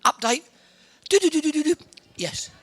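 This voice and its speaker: A cheeky man working a crowd in a big indoor arena, with a very high voice for a man. He fires off teasing one-liners into a handheld microphone. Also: animated, normal speed, a bit bright. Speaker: arena host entertaining the crowd. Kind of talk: joking crowd banter over a microphone.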